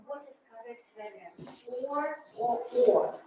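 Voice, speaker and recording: A woman's voice: on the high side, lively intonation, measured pace, mellow, slight background noise. A woman, a fellow teacher, asking questions about her students' pronunciation and repeating herself as she talks. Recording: echoey, from far off the mic.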